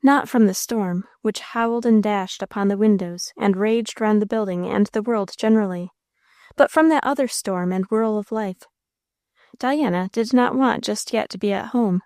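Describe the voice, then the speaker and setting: A woman narrating a classic novel as an audiobook, in a steady, measured way. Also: medium pitch, no room sound, studio quality.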